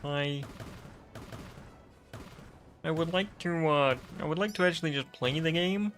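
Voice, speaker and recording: Kermit the frog type gentle puppet frog, a guy putting it on, talks really slow, hums before lines. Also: on the high side, soft background music, pitched above the performer's own voice. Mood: wistful.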